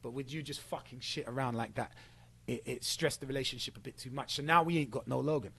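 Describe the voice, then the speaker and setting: A man's voice: mid-range voice, fast talker, creaky, a bit bright, slightly rough. A young man ranting at someone, confrontational and sweary, repeating himself as he builds his case. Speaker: streamer addressing a former friend. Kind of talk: ranting monologue.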